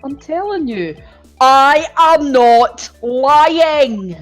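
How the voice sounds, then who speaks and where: A woman playing a loyal, flustered detective who protests his innocence loudly and earnestly. Her pitch sits a little high, with background music faint behind. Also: very animated, a little slow. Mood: protesting. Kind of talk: reading game dialogue aloud.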